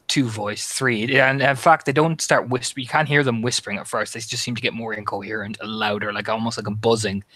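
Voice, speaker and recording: Bright-voiced man running a tabletop game. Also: medium pitch, no room sound. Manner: dramatic, mimics heartbeat sounds. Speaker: game master.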